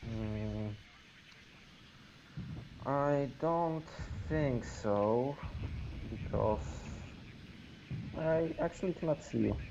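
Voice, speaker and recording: A man's voice: mid-range voice, very slow, pauses often. A man playing a wargame on a stream, thinking aloud hesitantly with lots of fillers. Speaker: wargame player and co-host. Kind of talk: casual chat during a game. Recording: dull stream audio with clear hiss.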